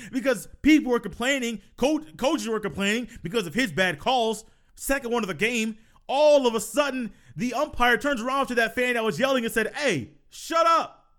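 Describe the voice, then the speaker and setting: High-voiced chatty sports podcast man. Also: a bit bright. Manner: chatty storytelling, laughs and repeats himself. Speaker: podcast host. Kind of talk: casual solo sports podcast talk.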